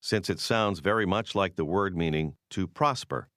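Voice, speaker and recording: A man narrating a scripted language course in a measured, explanatory way, close to the mic. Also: deep voice, a bit bright, dry recording.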